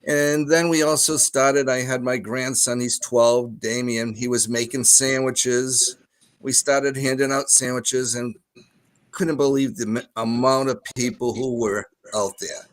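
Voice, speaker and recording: A man's voice: mid-range voice, fairly even intonation, a little slow, no room sound. An older man with a Rhode Island accent, chatting earnestly as a guest on a talk show. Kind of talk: casual chat.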